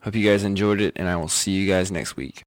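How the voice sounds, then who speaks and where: Young male podcast host, deep voice, dry close sound, relaxed chatter. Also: brisk, dry recording. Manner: laid-back, chatty, with fillers. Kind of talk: casual podcast chat.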